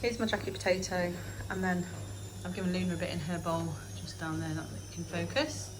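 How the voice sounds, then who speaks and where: A woman's voice: fairly low pitch, a little fast, noisy background. A woman chatting casually in a daily vlog, rambling about her day while walking outdoors, sometimes out of breath. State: out of breath at times. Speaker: vlogger.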